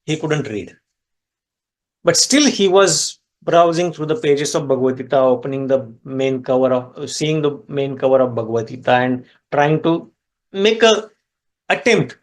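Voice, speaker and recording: Man telling a scripture story. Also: normal speed. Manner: explains Sanskrit words step by step; animated storyteller with sudden pitch rises. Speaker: spiritual teacher.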